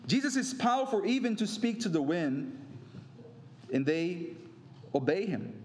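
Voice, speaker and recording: A middle-aged pastor preaches slowly in a conversational way, drifting into anecdotes and little acted-out voices. His voice sits high for a man. The sound rings around an echoey church hall. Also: big pitch swings, slight background noise. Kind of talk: sermon. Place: church sanctuary.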